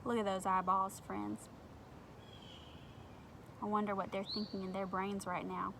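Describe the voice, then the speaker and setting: A woman reading a picture book aloud to children at home, gentle and expressive, talking straight to her young viewers. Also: medium pitch, a little slow, vocal fry, a little hiss or hum.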